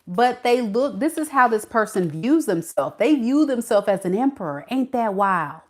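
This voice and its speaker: A woman's voice: on the high side, sing-song, moderate pace. A woman doing a tarot reading for her viewers, sassy and playful, talking straight to them with slang. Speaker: tarot reader.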